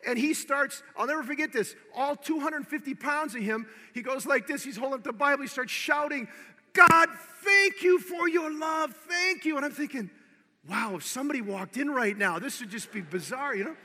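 A man preaching, telling a personal story with animated acted-out dialogue and swinging from hushed to loud exhortation. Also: extremely high pitch, fairly quick. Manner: animated storyteller, acting out both sides of the dialogue. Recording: long hall reverb.

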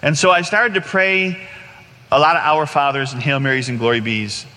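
A man in his forties giving an animated personal testimony to a congregation, acting out scenes as he tells them. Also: on the high side, moderate pace, in a large hall. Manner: animated storyteller, acts out scenes.

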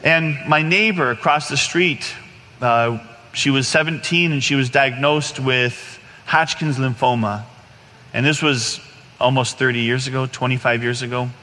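A man in his forties giving an animated personal testimony to a congregation, acting out scenes as he tells them. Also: medium pitch, unhurried, long reverb tail. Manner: animated storyteller, acts out scenes.

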